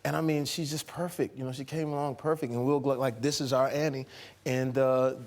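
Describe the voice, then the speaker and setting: A man's voice: mid-range voice, fairly even intonation, a little fast, darkish tone. A male actor guest on a chat show with a mid-range voice. He speaks in an easygoing, rambling way, filling his stories with loose asides and fillers. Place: TV studio.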